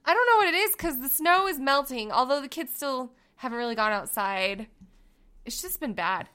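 A woman in her thirties, a mother chatting casually with her husband, telling stories in an animated way and acting out quotes. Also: high voice, normal speed. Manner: animated storyteller who acts out quotes and laughs often. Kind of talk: casual chat.

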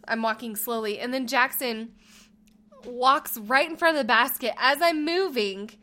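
A woman co-hosting a podcast, telling a story in a casual chat, animated and laughing, acting out the lines she quotes. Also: a little high, measured pace. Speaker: podcast co-host.

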